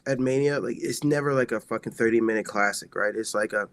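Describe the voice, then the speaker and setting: Male podcast co-host, mid-pitched, chatty and excitable, rambling delivery. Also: quick pace, creaky, a little hiss or hum. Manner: excitable, rambling, heavy use of "like". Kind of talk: casual chat.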